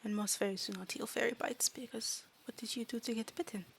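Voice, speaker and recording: A woman voicing a small, timid fairy student who speaks in broken, halting grammar and often drops to a whisper. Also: on the high side, fairly even intonation, vocal fry, slight background noise. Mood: matter-of-fact. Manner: broken grammar, dropped articles, hesitant. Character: tiny timid fairy student, earnest, new to language. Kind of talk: tabletop role-play.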